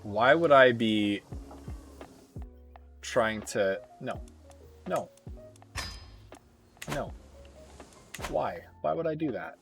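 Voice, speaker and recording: A man with a Canadian accent giving casual, rambling live commentary as he plays a strategy game, often pausing on filler words. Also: mid-range voice, expressive, vocal fry, fairly bright tone, faint music behind. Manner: rambling, thinking aloud with frequent filler pauses. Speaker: streamer.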